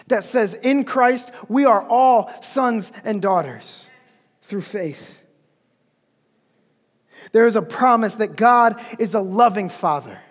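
A male pastor preaching a sermon with emphasis, repeating key phrases, recorded in an echoey hall. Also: high-pitched.

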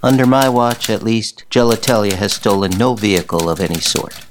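A man reading a first-person detective story in a dry, deadpan manner. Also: on the low side, moderate pace, a little hiss or hum. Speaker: narrator.

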